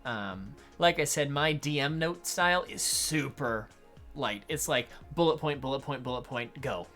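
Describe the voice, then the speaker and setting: A man acting as a game master, explaining adventure design in an unhurried tutorial talk while thinking aloud. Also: mid-range voice, animated, bright, forceful tone, faint music behind.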